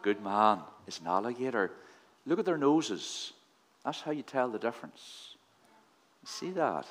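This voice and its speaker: Lively man quizzing kids in church. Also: medium pitch, measured pace. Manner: playful, quizzing kids with questions. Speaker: leader of a children's talk in church. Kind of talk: children's address in a church service.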